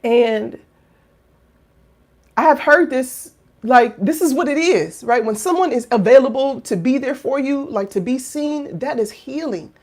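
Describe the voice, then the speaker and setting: A woman in her thirties, a coach, talking casually and heartfelt to camera, drifting from hushed reflection to loud exclaiming, with many fillers and rhetorical questions. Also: high voice, lively intonation, normal speed. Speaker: life coach and finishing school founder.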